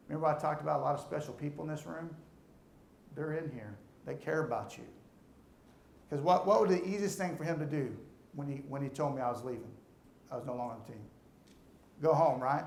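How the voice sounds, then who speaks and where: A man's voice: on the high side, fairly quick, gravelly, long pauses, darkish tone, echoey room, a little hiss or hum. A middle-aged man gives a motivational speech to an audience in a room, talking earnestly and often repeating words as he starts sentences. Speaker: alumnus speaker.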